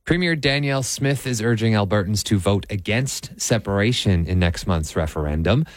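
Deep-voiced radio news man. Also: normal speed, dry recording. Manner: steady, dry-humored, with many uh fillers. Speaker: news reader on morning radio. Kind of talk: news reading with casual banter.

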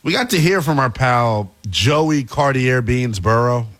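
Lively, emphatic male sports analyst. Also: a little slow. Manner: emphatic, playful, lively swings in pitch. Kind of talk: animated sports talk.

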